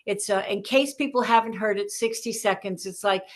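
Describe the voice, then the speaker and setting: A woman author, a guest on a podcast, telling stories in an animated way and acting out the voices in her stories. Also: mid-range voice, normal speed. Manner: animated storyteller, acts out quotes. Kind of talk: podcast interview storytelling.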